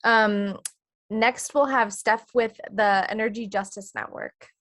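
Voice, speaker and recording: A woman's voice: mid-range voice, steady tone, slow pace, dry recording, studio quality. A woman moderating an online panel, thanking one speaker and introducing the next. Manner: warm, appreciative introductions.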